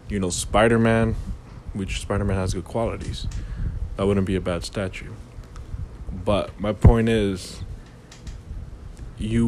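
A man's voice: on the low side, darkish tone, a little hiss or hum. A man hosting a casual motivational monologue, rambling and philosophical, with lots of "you know".

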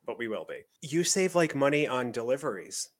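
A man's voice: mid-range voice, very animated, a little fast. A man co-hosting a podcast, teasing and coaxing his friend in casual chat, often laughing. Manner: teasing, persuasive, giggly. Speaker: podcast co-host.

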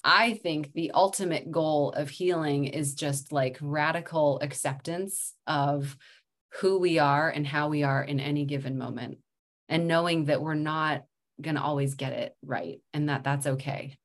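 Brief: woman in her thirties, low voice, calm reflective podcast guest who laughs often. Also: a little slow. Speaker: guest, somatic practitioner. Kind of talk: casual podcast interview.

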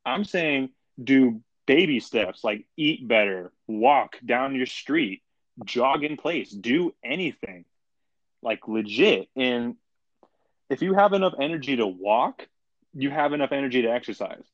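A man's voice: mid-range voice, expressive, measured pace, dry recording. A young man speaking in casual podcast chat, blunt and opinionated with plenty of slang. His voice sits mid-range, and it is recorded dry and close. The sound is dull and lo-fi. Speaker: podcast co-host.

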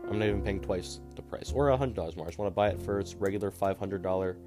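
A young man with a deep, low voice chats through a casual podcast monologue. He rambles and sounds exasperated, leaning on fillers. Guitar music plays clearly underneath him. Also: fast. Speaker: podcast host.

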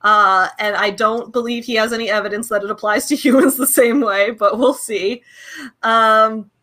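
A young woman co-hosting a casual podcast, chatty and quick to laugh, with lots of fillers. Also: on the high side, fairly even intonation, bright, forceful tone. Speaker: co-host.

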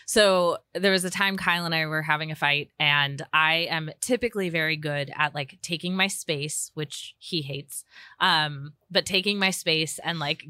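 A young woman, a therapist, chatting candidly and laughing at herself. Her voice sits a little low but sounds bright and crisp. It is recorded dry and close, with no room sound. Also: no room sound. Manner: chatty, self-deprecating, many fillers and restarts. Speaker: therapist, podcast guest. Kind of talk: candid casual conversation.

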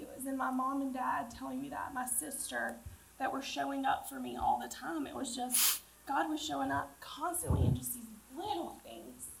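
A woman sharing a personal testimony at church, halting, with frequent ums. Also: sits high, steady tone, gravelly, a little hiss or hum. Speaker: church member giving testimony. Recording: distant voice over loud music.

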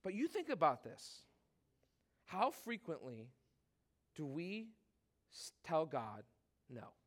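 A man in his thirties preaching a sermon in a casual, animated way, full of "like" and asides to the congregation. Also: fairly high pitch, takes it slowly. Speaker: pastor.

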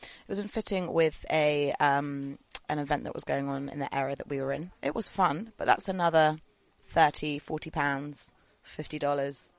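A woman, a podcast guest in casual chat, measured and mildly exasperated. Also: sits low, dry recording.

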